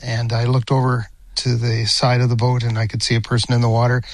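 A man in his sixties, a retired airline captain, interviewed for the news and speaking in a measured, hesitant way. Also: mid-range voice, completely flat delivery, rough recording.

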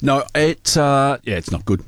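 A man's voice: medium pitch, lively intonation, a little slow, dry recording. Dry, teasing radio co-host man. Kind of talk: casual on-air banter. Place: radio studio.

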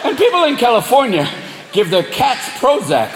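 A man doing a profane stand-up routine, switching rapidly between voices. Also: very high voice, wildly swooping pitch, noisy background. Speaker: stand-up comedian. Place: live comedy venue. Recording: echoey live venue, loud crowd.

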